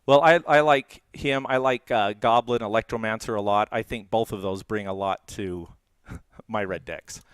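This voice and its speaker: A man's voice: lowish voice, moderate pace, clear, resonant tone, no room sound. A middle-aged man hosting a casual podcast, chatty and rambling with frequent laughs. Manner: rambling, laughs often, many fillers. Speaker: podcast host.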